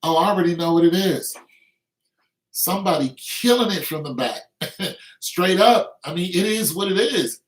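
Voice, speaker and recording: In a roomy recording with the mic set well back, a man in his fifties boasts his way through a casual, slangy anecdote, chuckling while he talks. His high voice is animated, at a moderate pace.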